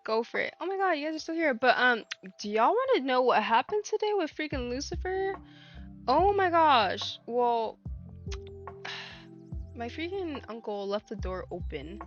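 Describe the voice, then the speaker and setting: A woman's voice: high-pitched, big pitch swings, unhurried. A young woman livestreaming, chatting casually and telling a story with many fillers and restarts. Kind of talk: casual chat. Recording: dull lo-fi stream audio with faint music.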